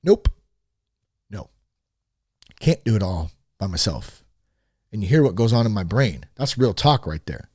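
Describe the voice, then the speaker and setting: A man in his thirties hosting a podcast, talking frankly in a casual, animated monologue. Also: lowish voice, normal speed, slightly rough, no echo, clean studio sound. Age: 30s. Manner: animated and frank, with swearing and rising emphasis. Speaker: podcast host.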